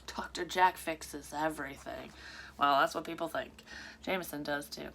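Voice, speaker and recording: A woman's voice: low-pitched, fairly even intonation, moderate pace, vocal fry, fairly bright tone, slight background noise. A woman who works as a psychic medium reads a story aloud and breaks off often for frank, rambling asides full of swearing. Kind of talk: reading a story aloud with casual commentary.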